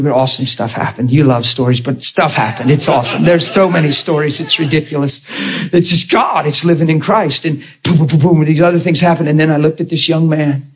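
A male preacher telling a story in a sermon, animated and emphatic, acting out the dialogue. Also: on the high side, husky, dull audio.

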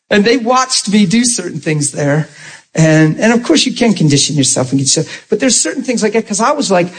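A man in his forties, a preacher telling lively stories from the pulpit and acting out the dialogue. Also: high-pitched, slightly rough. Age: 40s. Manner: animated, acts out dialogue with laughter. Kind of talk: storytelling sermon.

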